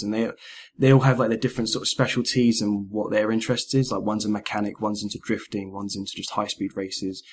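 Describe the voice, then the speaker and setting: Husky man chatting about games. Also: lowish voice. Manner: animated, acts out quoted lines. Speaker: podcast host. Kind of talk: casual gaming chat.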